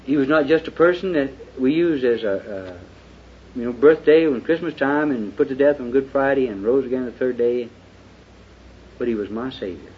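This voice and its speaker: A man preaching a sermon in a folksy way, dropping to hushed confession and then rising to fervent shouting. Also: medium pitch, moderate pace. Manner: folksy, with lots of "you know". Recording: dull lo-fi recording with faint hiss.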